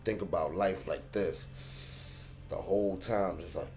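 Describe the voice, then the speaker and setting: A young man talks to his vlog viewers in a low-pitched voice. His storytelling is animated and full of slang, and he acts out his own reactions. Faint music plays behind him. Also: measured pace. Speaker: channel host.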